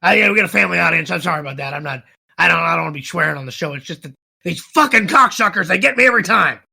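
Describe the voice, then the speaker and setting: A man's voice: a little high, lively intonation, racing, creaky, pushed and bright, breathy edge. A man co-hosting a political podcast, ranting heatedly, swearing often and stammering as he gets worked up. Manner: ranting, swears a lot, stammers when angry. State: worked up, spitting mad. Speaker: podcast co-host.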